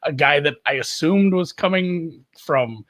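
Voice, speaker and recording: Upbeat higher-voiced guy joking about golf bets, teasing. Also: a little slow. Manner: lively, joking, self-deprecating. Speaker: golf betting analyst. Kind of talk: casual podcast chat.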